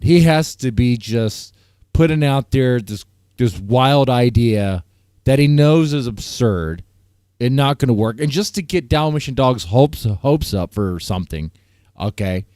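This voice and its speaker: A man's voice: mid-range voice, expressive, unhurried, mellow, no room sound, clean studio sound. A man hosting a casual live-stream panel, ranting and repeating himself, breaking into laughter often. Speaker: stream host.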